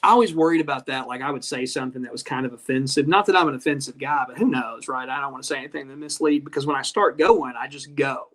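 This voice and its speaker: A man's voice: medium pitch, fast, hardly any pauses, a bit bright. A man who used to wrestle, a guest in a casual chat, telling rambling, profane stories.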